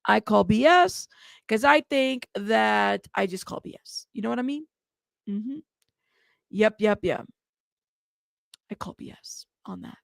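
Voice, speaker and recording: Laughing often, this livestream host reads viewer comments aloud on her casual news commentary show, chatty and playful throughout. Her medium-pitched voice is expressive and creaky, unhurried, with frequent pauses. The audio is studio quality with no echo.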